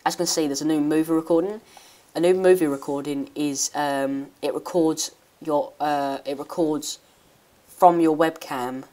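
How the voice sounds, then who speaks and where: A woman giving a rambling, hesitant software tutorial with many restarts. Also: sits low, steady tone, normal speed. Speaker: tech YouTuber. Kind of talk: screen-recording software tutorial.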